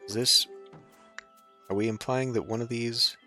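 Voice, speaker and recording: A man's voice: mid-range voice, steady tone, unhurried, bright, forceful tone, faint music behind. A man giving casual gameplay commentary as a let's play host, chatty and thinking aloud.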